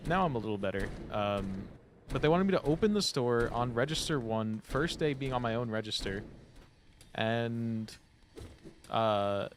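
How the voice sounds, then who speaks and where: A man's voice: medium pitch, lively intonation, moderate pace, slight background noise. Rambling, foul-mouthed young man streaming. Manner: rambling, profane, heavy use of "like". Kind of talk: casual storytelling while playing a game.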